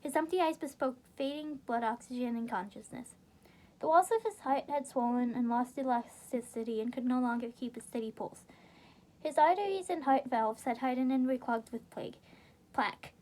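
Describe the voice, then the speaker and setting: A woman reading a game novelization aloud in a relaxed way, breaking off into rambling, giggly side comments and soft whispers. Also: sits high, normal speed.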